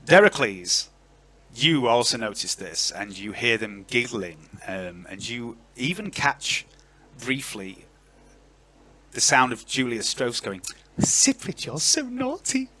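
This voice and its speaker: Animated male game master. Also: mid-range voice, takes it slowly. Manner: animated, chatty, with fillers. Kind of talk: narrating a tabletop game.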